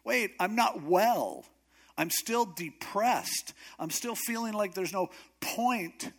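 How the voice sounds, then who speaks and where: A preacher doing a sulking, worn-out prophet who whines that nothing is going his way. The voice runs a touch high and jumps around as the griping spills out. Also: expressive, moderate pace, fairly bright tone. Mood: exasperated. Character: exasperated prophet Elijah, fed up and sulking.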